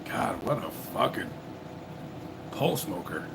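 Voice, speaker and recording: Over a very noisy background, a man with a lowish, very animated voice and vocal fry speaks unhurriedly. Hosting a casual live call-in stream, he is impatient and blunt, cursing often at callers.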